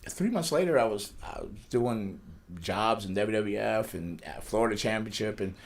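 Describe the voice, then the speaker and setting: A man's voice: lowish voice, lively intonation, vocal fry. A middle-aged man, a pro wrestler, telling rambling life stories in a casual studio interview. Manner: fast, rambling storytelling with frequent restarts and laughs.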